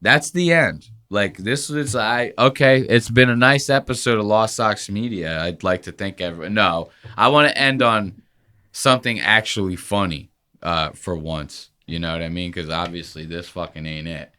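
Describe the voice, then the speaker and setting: A man's voice: fairly low pitch, moderate pace, bright, forceful tone, clean tone. A man hosting a podcast, chatting casually in a crude, joking, rambling way. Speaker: podcast host. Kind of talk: casual chat.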